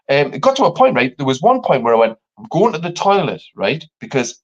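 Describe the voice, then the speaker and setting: Telling a story at a moderate pace in casual chat, an animated male podcast host curses liberally and mimics others with leaps in pitch. His voice swings broadly between low and high, over dull, lo-fi stream audio.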